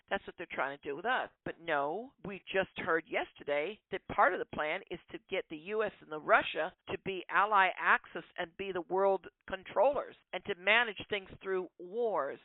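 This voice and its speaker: A woman hosting a podcast, delivering an opinionated monologue in an animated, ranting way full of rhetorical questions. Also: on the low side, moderate pace, hardly any pauses, no room sound. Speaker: podcast host. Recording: tinny phone-like line, dry.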